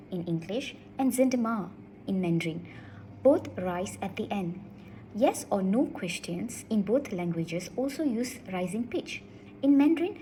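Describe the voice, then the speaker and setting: A woman giving a student class presentation, reading in a steady, soft-spoken way. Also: medium pitch, slight background noise, rough recording.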